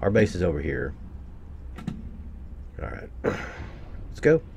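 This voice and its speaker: A man's voice: deep voice, measured pace, creaky, background noise. A man giving casual gameplay commentary, swearing freely and grumbling to his viewers as he plays. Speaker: gameplay streamer.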